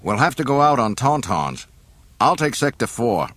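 A brash male space pilot snaps short, sharp orders, as a man reading a storybook puts him on. The voice sits a little higher than a low husky baseline. The recording is dry and close. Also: big pitch swings, moderate pace, no room sound. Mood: impatient. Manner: sharp, snapping and forceful.

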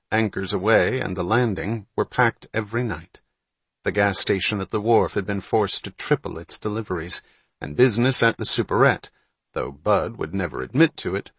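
A man reading a novel aloud as a measured, even audiobook narrator. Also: on the low side, husky, no room sound. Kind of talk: scripted narration.

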